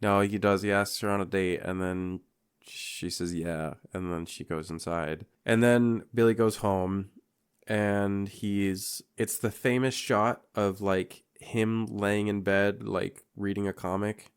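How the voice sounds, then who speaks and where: A man's voice: fairly low pitch, steady tone, slow, smooth. A man co-hosting a podcast, recapping a movie in loose, profane casual chat and laughing often. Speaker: podcast co-host.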